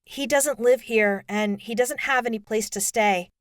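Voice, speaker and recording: Voicing an upset, vulnerable teenage girl in an audiobook, a woman pleads earnestly and sounds close to tears, her mood distressed. Her natural voice is a little high and a little slow, captured in a dry recording.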